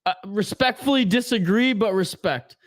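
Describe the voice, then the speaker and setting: A man's voice: high voice, normal speed. A man hosting a live hockey watch-along stream, giving casual play-by-play and joking and swearing while reading chat aloud. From Canada.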